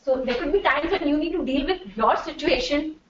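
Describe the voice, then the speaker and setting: A woman's voice: high voice, brisk, a little hiss or hum. A middle-aged woman giving a chatty workshop talk to a live audience as a corporate trainer, slipping into Hindi and laughing often. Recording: distant, dull, echoey room.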